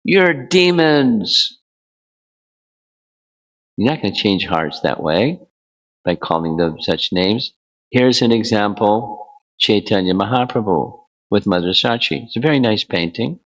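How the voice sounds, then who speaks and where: A man giving a devotional lecture as a spiritual teacher, relaxed and bantering with his audience. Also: fairly low pitch, unhurried, low-quality recording.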